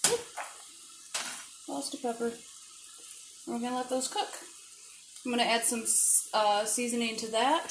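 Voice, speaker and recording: Woman, home cook vlogger, chatty and self-deprecating; roomy kitchen sound, pan sizzling loudly under her voice. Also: a little high, fairly even intonation, normal speed, gravelly, pauses often. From not from the American South. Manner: chatty, self-deprecating, talks while cooking. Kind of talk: casual cooking vlog. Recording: echoey kitchen with frying noise.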